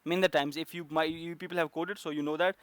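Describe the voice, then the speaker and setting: A man's voice: on the high side, steady tone, fast talker, smooth, no room sound. Man teaching code, dry close sound. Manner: explains step by step with many fillers and restarts. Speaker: programming instructor. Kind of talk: recorded coding lesson.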